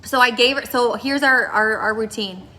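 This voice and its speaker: A woman's voice: a little high, moderate pace, sharp tone. A young woman chatting casually in a vlog, rambling with many restarts and fillers as she talks about her baby's bedtime. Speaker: mom vlogger.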